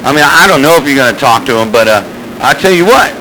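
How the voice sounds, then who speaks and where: A man's voice: mid-range voice, lively intonation, fast talker, bright, forceful tone, slight background noise, rough recording. A man chatting over CB radio, rambling and teasing, with a repeated "crazy, crazy" catchphrase. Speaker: CB radio operator and channel host. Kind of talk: casual radio banter.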